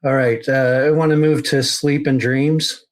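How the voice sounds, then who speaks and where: A man's voice: medium pitch, steady tone, measured pace. A man hosting a podcast, asking questions methodically and often restarting his phrasing. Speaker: podcast host and interviewer. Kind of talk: interview questions.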